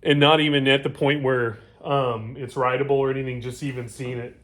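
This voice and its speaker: A man hosting a casual bike build vlog, excitable and joking, often stammering and restarting his sentences in a home workshop. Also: mid-range voice, brisk. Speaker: channel host.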